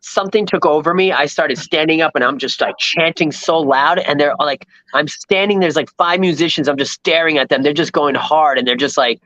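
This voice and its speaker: A man from Long Island, telling a rambling, animated travel story as a podcast guest and acting out the people he met. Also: fairly high pitch, a little fast, hardly any pauses, no echo, low-quality recording. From New York, Long Island. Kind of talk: casual storytelling chat.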